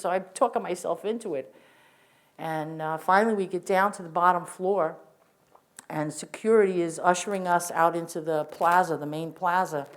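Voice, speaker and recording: An older woman recounts her own experience as spoken testimony. Her voice sits a little low for a woman. She tells it earnestly and vividly and often restarts her sentences as she goes. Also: normal speed. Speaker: witness sharing testimony. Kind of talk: first-person spoken testimony.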